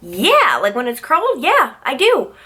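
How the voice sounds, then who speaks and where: A woman's voice: high voice, huge pitch swings, a little slow, bright, forceful tone. A tired young woman, a news reporter, chatting casually to her vlog camera and filling her talk with "like.". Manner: chatty, peppered with "like" fillers.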